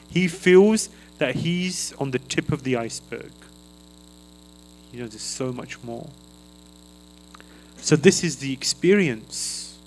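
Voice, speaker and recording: A man giving a devotional sermon at a temple feast, slow and earnest, chanting a mantra aloud as he teaches. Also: medium pitch, a little hiss or hum, poor audio. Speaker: guest speaker at a temple feast. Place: temple hall.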